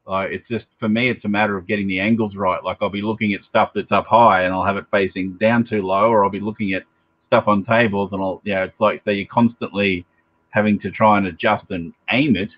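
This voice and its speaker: A man's voice: on the low side, fairly even intonation, brisk, dry recording. A man chatting casually as a guest on a live show, rambling and tossing in joking asides. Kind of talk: casual chat. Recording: dry muffled lo-fi stream audio.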